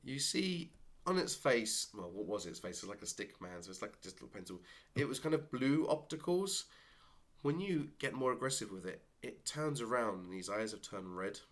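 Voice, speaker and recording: A man narrating as game master of a tabletop game, animated and laughing, adding sound effects. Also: medium pitch, normal speed.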